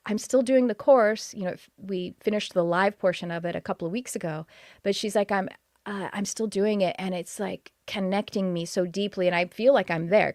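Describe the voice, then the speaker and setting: A woman's voice: on the low side, no room sound, studio quality. A woman from Texas with a Texas accent, hosting a live-streamed podcast, greeting viewers and talking about her courses with enthusiasm. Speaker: podcast host.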